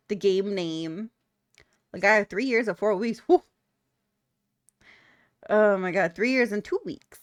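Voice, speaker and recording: In clean studio audio with no room sound, a young adult woman with a mid-range voice reads out viewer messages. Her casual chat is giggly and playful, and she swears without holding back.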